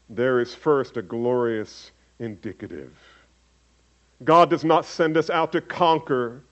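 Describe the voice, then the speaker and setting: A man preaching a sermon as pastor, swinging from loud emphatic calls to hushed low asides. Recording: dull lo-fi sermon recording.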